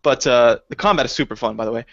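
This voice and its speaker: Guy cohosting a podcast, excitable, does goofy high voices, dry muffled mic. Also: fast, vocal fry, no echo. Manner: animated, jumps into high acted quotes. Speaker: podcast co-host. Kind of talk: casual chat. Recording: dull dry lo-fi recording.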